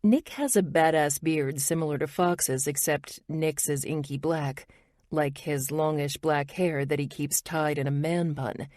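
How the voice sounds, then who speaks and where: A woman's voice: sits low, fairly even intonation, unhurried, a little mellow, no room sound, studio quality. A woman narrating a romance audiobook in the first person, wry and intimate.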